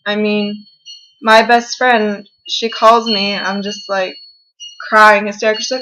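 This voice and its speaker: A young woman in her bedroom, talking into her camera in a halting, rambling confessional vlog, upset and close to tears. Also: mid-range voice, level tone, highs cut off, noisy background. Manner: rambling, halting, with many fillers and restarts. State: tearful, upset. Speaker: vlogger.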